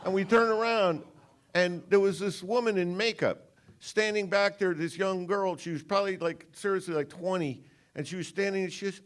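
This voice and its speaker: A man's voice: high voice, moderate pace. A man in his sixties, a film director, telling rambling anecdotes at a cinema Q&A. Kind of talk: storytelling on stage. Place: cinema stage.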